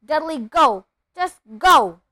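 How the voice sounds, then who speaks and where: A woman voicing a blustering, bad-tempered middle-aged uncle in a storybook reading, gruff and bossy. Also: fairly high pitch, animated, normal speed, dry recording, natural voice. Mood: shouting.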